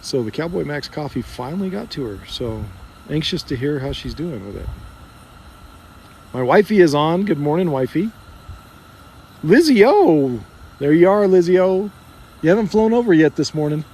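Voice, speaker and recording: A man's voice: a little high, animated, a little fast, darkish tone, husky. A rancher hosting a casual live stream outdoors. He chuckles often and talks in a folksy way to his animals and his viewers.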